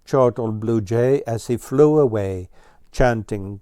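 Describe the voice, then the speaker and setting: A man calmly narrating a children's storybook. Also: medium pitch, slow, smooth, dry recording, clean studio sound.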